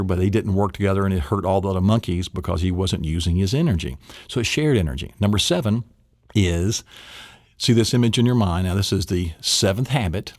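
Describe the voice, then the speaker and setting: Teaching a memory technique, this middle-aged man keeps things playful, performing small scenes in goofy voices. His voice sits on the lower side. The sound is dry and clean, like a studio.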